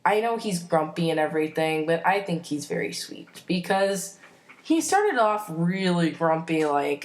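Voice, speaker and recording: Fan girl woman rambling on her vlog, kinda low voice, super chatty, um and like everywhere. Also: big pitch swings, unhurried. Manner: rambling, chatty, full of "um" and "like" and self-corrections; enthusiastic, opinionated. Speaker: vlogger. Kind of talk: casual fan rant vlog.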